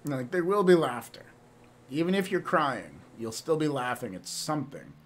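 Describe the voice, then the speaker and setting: A man's voice: fairly high pitch, lively intonation, normal speed. A man streaming and chatting casually with viewers, rambling and laughing often, with some swearing.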